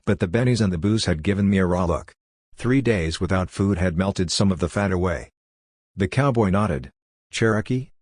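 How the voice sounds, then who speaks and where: Guy reading an audiobook, wry n matter of fact, deep voice, super dry close mic. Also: normal speed, darkish tone, dry recording. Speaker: audiobook narrator. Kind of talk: first-person audiobook narration.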